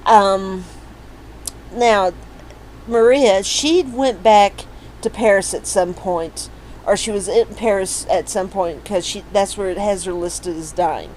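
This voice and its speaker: A woman talks unhurriedly through her family tree, thinking aloud with frequent ums and restarts. Her pitch sits in a middle range for a woman. A faint noise hums under the recording. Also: takes it slowly, a little mellow, poor audio. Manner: rambling, many fillers and restarts. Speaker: family history vlogger. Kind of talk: casual screen-share walkthrough.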